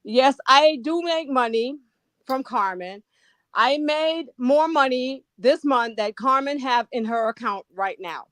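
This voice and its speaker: A woman's voice: high voice, lively intonation, takes it slowly, a bit bright, no echo. An older retired woman, a guest on a livestream, ranting angrily and profanely. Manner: angry, profane, insulting. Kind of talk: heated livestream rant.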